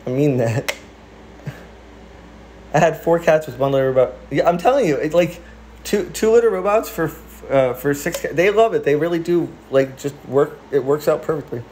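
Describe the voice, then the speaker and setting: A man's voice: moderate pace, a little hiss or hum, poor audio. Rambling young man livestreaming. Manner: rambling with restarts and self-corrections; coos to his cats in a high soft voice. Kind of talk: casual livestream chat. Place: newly moved-into house.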